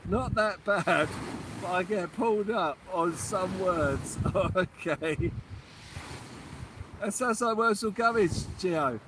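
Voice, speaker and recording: A man's voice: high voice, takes it slowly, background noise. A man hosting a live fishing stream outdoors at night, chatting and answering viewer comments. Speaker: fishing channel host. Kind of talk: casual live-stream chat.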